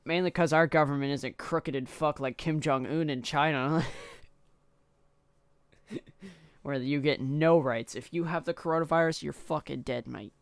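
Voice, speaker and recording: A man's voice: a little high, fairly even intonation, moderate pace, pauses often, smooth, no echo. A young man from Canada, hosting a podcast in loose, slangy chat, swearing and laughing often. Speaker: podcast host. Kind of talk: casual chat.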